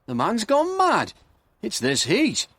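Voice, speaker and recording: Man doing a high-pitched yelling young constable. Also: slow pace, husky, no room sound, exaggerated voice. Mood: alarmed. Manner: shouting in high excited bursts. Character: young male police constable, alarmed and eager.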